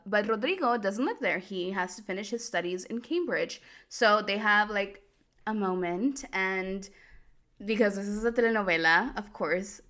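A woman hosts a casual podcast episode, retelling a telenovela storyline in a loose, chatty way. Her voice has a steady middle pitch with plenty of vocal fry, and she sprinkles in "like" and amused side comments as she talks. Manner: chatty, heavy use of "like", amused asides. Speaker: podcast host. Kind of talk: casual recap of a telenovela plot.

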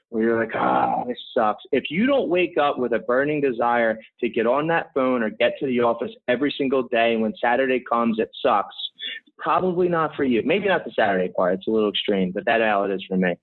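Man in his 30s from philadelphia, podcast guest, energetic rambling storyteller, mid-pitched voice, phone-like audio. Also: a little fast. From Philadelphia, USA. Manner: energetic, rambling, full of "you know" asides. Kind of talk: conversational interview storytelling. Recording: tinny phone-like line.

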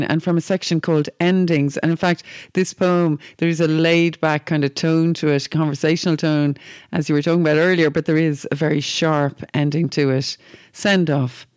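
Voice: medium pitch, a little mellow, dry recording. Enthusiastic co-host, dry studio sound. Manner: enthusiastic, engaging, asks questions. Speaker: co-host of a books show. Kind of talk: literary radio chat and poem reading.

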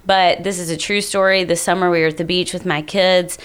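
A woman's voice: fairly low pitch, steady tone, a little fast, fairly bright tone, clean tone. A woman, co-hosting a podcast and telling candid stories. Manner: candid, explains and tells anecdotes. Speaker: podcast co-host. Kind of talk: casual chat.

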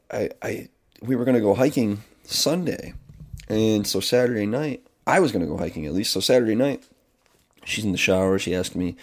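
A man who works as a kindergarten teacher, talking candidly in a rambling personal monologue, often restarting his sentences and swearing casually. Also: medium pitch. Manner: rambling and confessional, with frequent restarts.

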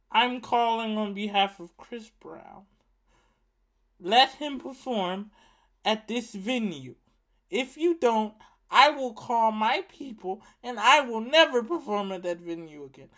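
A man doing a soft, lifted pop-star impression. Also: high-pitched, full character voice. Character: soft-spoken famous male pop star on a phone call.

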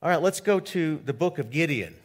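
A male pastor reading scripture and preaching, animated and jokey, swinging between loud and hushed delivery. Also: a little high, a little fast, slightly rough.

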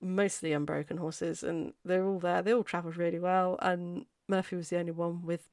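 A woman's voice: lowish voice, little pitch movement, brisk, a little mellow, no room sound, clean studio sound. A woman in her forties, hosting a podcast and telling a chatty, rambling story full of tangents. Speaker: podcast host. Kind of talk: casual storytelling.

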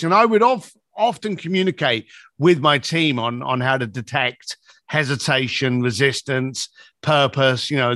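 A middle-aged man telling an animated anecdote, acting out both sides of a phone call. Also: no echo, clean studio sound. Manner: acts out both sides of a phone call, shifting pitch a lot. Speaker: storyteller.

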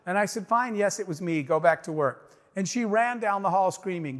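A business owner with a high voice gives an animated motivational speech to a crowd at normal speed, telling a story with emphasis and acting out each line of dialogue. The sound carries the long reverb of a big hall.

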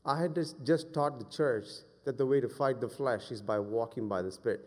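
A man in his forties preaching a sermon as a pastor, moving between loud fervent exhortation and quiet personal storytelling. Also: medium pitch, fairly quick, few pauses. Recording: long hall reverb.

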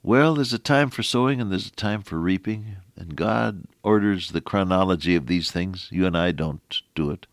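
A middle-aged man preaching a folksy radio sermon, quoting scripture in an animated way. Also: low voice, normal speed, few pauses, no echo, studio quality.

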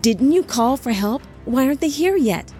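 A woman's voice: sits high, expressive, moderate pace, dark tone, faint music behind, voice pushed up. A woman voicing a fierce male angelic warrior who gives curt commands. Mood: stern.

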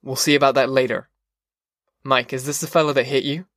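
A man voicing a gruff, commanding armed lawman in an audiobook. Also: medium pitch, fairly even intonation, a little fast, fairly bright tone, no echo, clean studio sound, natural voice. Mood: curt. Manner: curt, commanding.

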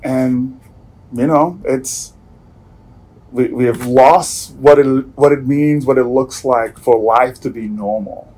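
A man preaching a sermon as pastor, earnest and searching, often repeating himself and letting sentences fall away quietly. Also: medium pitch, takes it slowly, poor audio. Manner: earnest, with many restarts and soft trailing endings.

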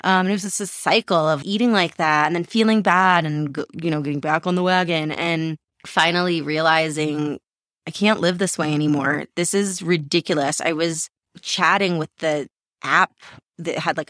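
A woman in her forties, a podcast host answering questions in a candid, self-mocking, animated way. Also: lowish voice, no room sound, clean studio sound. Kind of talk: casual interview answers.

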